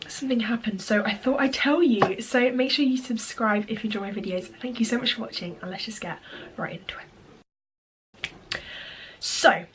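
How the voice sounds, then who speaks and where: A woman's voice: on the high side, a bit bright, a little hiss or hum. A young woman with a cold, telling a story to the camera in a casual vlog with lots of chatty fillers. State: has a cold. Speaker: vlogger.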